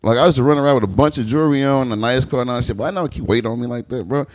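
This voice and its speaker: A man with a medium-pitched voice talks rapid-fire as a stand-up comedian guesting on a podcast. He tells crude stories with plenty of laughter, animatedly acting out quoted lines and laughing often.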